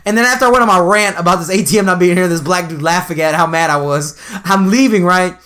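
Fast-talking animated young-sounding man. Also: high voice. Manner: animated storyteller, swears often, acts out quotes. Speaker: podcast co-host. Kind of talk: casual chat, storytelling.

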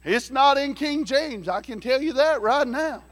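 High-voiced pastor preaching. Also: male voice, expressive, unhurried, no room sound. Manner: folksy storytelling, swings from hushed to shouting. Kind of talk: sermon.

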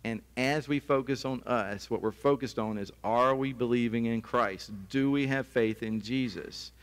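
A man's voice: mid-range voice, normal speed, in a large hall. A man preaching a sermon as pastor, earnest and conversational, now and then breaking into a laugh.

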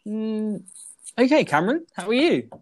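A man's voice: sits high, sing-song, normal speed, slight background noise. A young man hosting a casual podcast chat, laughing and teasing his co-hosts. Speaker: podcast host.

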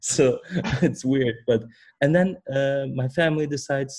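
A young man with a German-Turkish accent, telling his own story in a relaxed chat, often stumbling, repeating words and starting over. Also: mid-range voice. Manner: halting, many restarts and repeated words, laughs often. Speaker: fashion designer, guest. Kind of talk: casual conversational storytelling.

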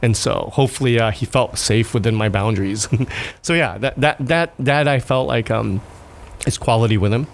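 A man in his thirties, a guest in an interview, talking earnestly and haltingly, with frequent laughs and restarts. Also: medium pitch, vocal fry, a little hiss or hum. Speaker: guest, restaurant owner and father. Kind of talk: conversational interview.

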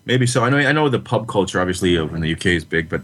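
A man's voice: deep voice, expressive, racing, a bit bright, husky. A man from Canada co-hosting a film podcast, critiquing a movie with dry sarcasm and nitpicking. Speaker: podcast co-host. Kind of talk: casual film review chat.

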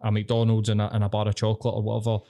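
A man's voice: fairly low pitch, completely flat delivery, very fast, dark tone. A man with a Glaswegian accent co-hosting a podcast, blunt and sweary in casual chat with a friend. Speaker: podcast co-host.

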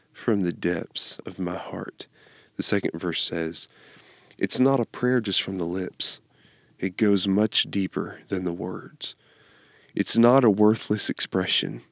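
A man giving an informal devotional talk, reading song lyrics aloud in a slow, earnest way that halts and restarts. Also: on the low side, gravelly, no echo. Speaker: devotional speaker.

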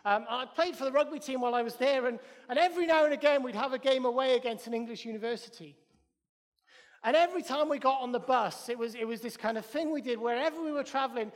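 High-voiced Welsh preacher in a reverberant church. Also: male voice, quick pace. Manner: emphatic, repeats phrases in threes. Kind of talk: sermon.

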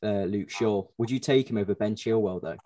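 A man's voice: on the low side, a little fast, warm tone. A man, co-hosting a casual podcast with brief interjections. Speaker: podcast co-host. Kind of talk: casual chat.

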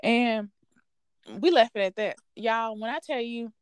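A woman hosting a podcast, telling a workplace story in a blunt, profane, sassy and animated way. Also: a little high, unhurried, smooth, no echo. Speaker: podcast host. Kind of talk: casual storytelling rant.

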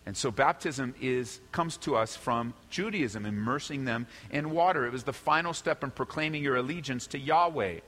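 Emphatic male preacher, bright tone, reverberant. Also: a little high, expressive, normal speed. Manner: emphatic preaching, acting out quoted apologies. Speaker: pastor. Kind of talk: sermon.

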